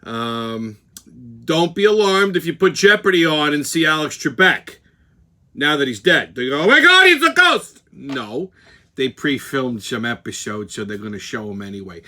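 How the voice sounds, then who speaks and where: A man's voice: mid-range voice, normal speed, bright, forceful tone. A male host, talking bluntly and profanely in casual commentary while mixing a drink.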